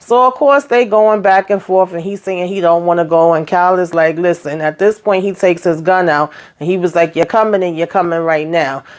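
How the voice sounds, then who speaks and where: A woman's voice: on the low side, steady tone. A woman hosting her own recap channel, chatting casually and folksily, calling her listeners child and honey and acting out the characters' lines. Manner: acts out the characters' lines in quick voices.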